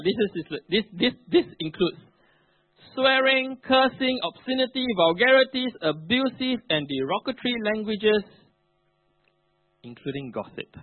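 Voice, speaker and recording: A man's voice: fairly high pitch, dry recording. A male pastor preaching a sermon, emphatic with colloquial asides. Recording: narrow phone-like, dry.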